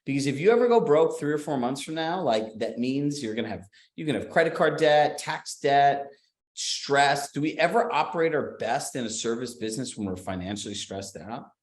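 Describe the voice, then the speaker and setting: A man's voice: mid-range voice, animated, normal speed, echoey room. A man giving a coaching seminar talk to real estate agents in an emphatic, conversational way. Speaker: business coach.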